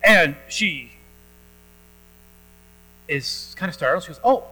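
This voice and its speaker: Bright-voiced male pastor preaching. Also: on the high side, animated, slow pace, faint music behind, low-quality recording. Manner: conversational storytelling, with many fillers and restarts. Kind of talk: sermon. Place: church.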